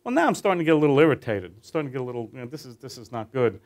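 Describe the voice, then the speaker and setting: A man's voice: mid-range voice, racing. A man leading a training class through a guided teaching tale, talking animatedly and quizzing his listeners. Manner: animated, addresses listeners with questions.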